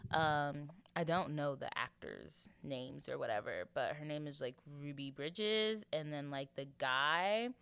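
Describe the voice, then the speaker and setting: A young woman from Florida talks through her podcast in a loose, playful way. Her pitch swings widely as she acts out bits, and her tone is bright. The sound is dry and close. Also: measured pace, gravelly, hardly any pauses, clear, resonant tone, no echo. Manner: chatty, animated, playful, acts out voices. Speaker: podcast host. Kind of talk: casual chat monologue.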